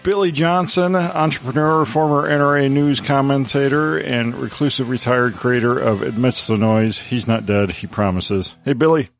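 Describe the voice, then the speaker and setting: A man hosting a casual podcast panel, reading sponsor lines quickly and joking with guests. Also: mid-range voice, gravelly, soft background music. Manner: brisk, joking, reads ad copy quickly. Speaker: podcast host.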